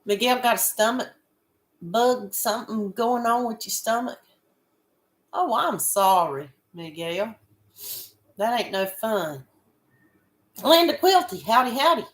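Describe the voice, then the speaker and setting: Congested woman, unhurried. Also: fairly high pitch, animated, echoey room. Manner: greets chatters by name, chuckles often. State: congested with a head cold. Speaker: livestream host. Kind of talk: casual livestream chat.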